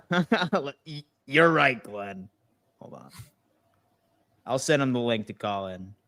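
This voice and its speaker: A man's voice: mid-range voice, expressive, slow pace, fairly bright tone, no echo. A man hosting a casual podcast, laid-back and joking as he reads the chat. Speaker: podcast host.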